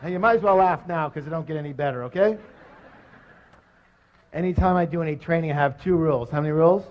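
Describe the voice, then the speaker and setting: Energetic male seminar speaker who quizzes the audience; voice on the high side, muffled lo-fi recording. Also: fast. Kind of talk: motivational seminar talk. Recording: dull lo-fi recording.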